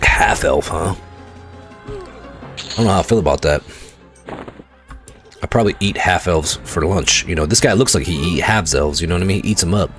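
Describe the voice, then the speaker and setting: A man streaming an online game live, reacting loudly, swearing freely and chatting with his viewers. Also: low voice, normal speed, pauses often, faint music behind. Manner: excitable, swears, talks to chat viewers. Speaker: livestreaming gamer. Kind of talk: casual live gameplay commentary.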